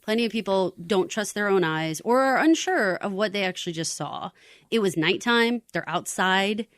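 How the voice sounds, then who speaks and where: Woman, podcast co-host, casual chat, mid pitch, dry close sound. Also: lively intonation, moderate pace, dry recording. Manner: conversational, with a lot of likes and you-knows.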